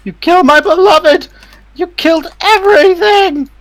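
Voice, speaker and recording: A man voicing a grief-stricken, enraged figure who shouts frantic orders at his giants. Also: extremely high pitch, moderate pace, no room sound, pitched above the performer's own voice. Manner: shouting hysterical commands.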